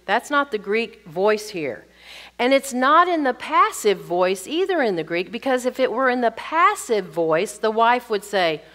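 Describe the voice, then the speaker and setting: A woman's voice: mid-range voice, a bit bright. A middle-aged woman teaching a sermon to women, earnest and explanatory, often checking in with rhetorical questions.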